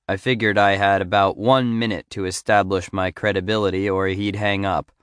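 A man narrating a first-person memoir audiobook in a measured storytelling delivery. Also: low voice, smooth, no room sound, clean studio sound.

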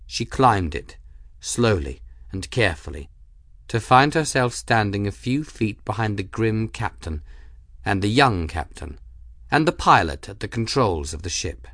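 A man narrating a fantasy audiobook in measured, even scripted narration. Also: on the low side, no echo, clean studio sound.

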